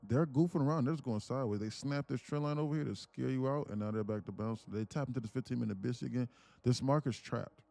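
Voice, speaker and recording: A man's voice: medium pitch, quick pace, creaky, mellow, no echo. A man in the middle of his range talks loosely over a live market, dropping slang and coaching his viewers as price moves. The sound is dry and close, with no room around it. Faint music plays underneath. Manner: loose slangy talk, sings and laughs between chart calls. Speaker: livestream trading mentor. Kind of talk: casual livestream commentary.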